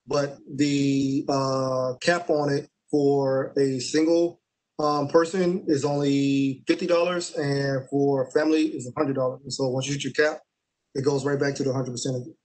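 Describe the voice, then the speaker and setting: A young man, an Army staff sergeant, answering interview questions in a relaxed way with many fillers and restarts. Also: medium pitch, moderate pace, rough recording.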